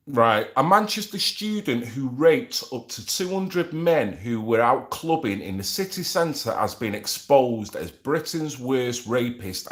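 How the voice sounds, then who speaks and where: A man who hosts a live stream, chatting casually and rambling with slang asides as he reads from an article. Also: medium pitch. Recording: echoey room.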